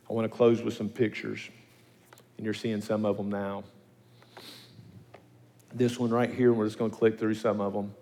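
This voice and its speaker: A man preaching a sermon and telling stories, acting out the people he quotes with sudden high-pitched voices. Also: in a large hall. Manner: animated storyteller, acting out quotes in pitch leaps. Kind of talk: sermon with storytelling.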